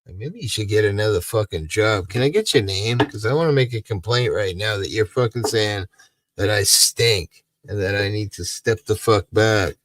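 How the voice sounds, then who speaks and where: A man's voice: lowish voice, animated, moderate pace, a bit bright, no room sound. Profane older man telling a grievance story. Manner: profane, rambling and aggrieved. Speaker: live stream host. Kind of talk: casual storytelling. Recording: dry, from a distance.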